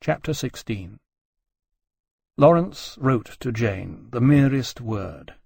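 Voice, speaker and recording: A man narrating a novel in a measured, even reading. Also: mid-range voice, creaky, no room sound, clean studio sound. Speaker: audiobook narrator. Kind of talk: scripted narration.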